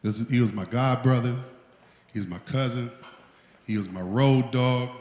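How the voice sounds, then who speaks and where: A man of middle pitch gives a heartfelt, plain-spoken tribute as the event's host. His voice rings with a long echo, as if from a big hall. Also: normal speed, a little mellow. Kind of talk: emotional tribute speech. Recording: echoey hall.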